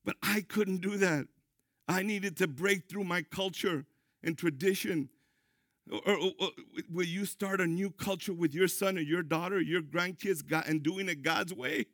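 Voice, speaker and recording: A middle-aged man preaching a sermon in a gravelly, fairly high voice. He drives his points home with sudden loud, high bursts. The sound is dry and close. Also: unhurried, no echo. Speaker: pastor.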